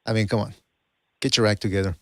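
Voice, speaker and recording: A man hosting a call-in podcast in casual chat, a non-native English speaker, animated and mocking with frequent restarts. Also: fairly low pitch, fast, no echo, clean studio sound. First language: not English. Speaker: podcast host.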